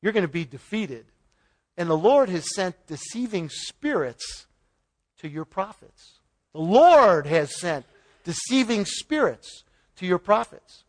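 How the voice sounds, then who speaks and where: Man preaching, high voice, folksy bible storytelling, chuckles now and then. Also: very animated, a little slow. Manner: folksy retelling with paraphrased dialogue and chuckles. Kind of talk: informal Bible teaching.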